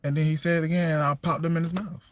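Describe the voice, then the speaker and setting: A single father chats casually on a livestream in a slightly high voice, delivering fast and flat. He's firm and plainspoken about household rules, repeats himself, and keeps checking in with "you know what I'm saying".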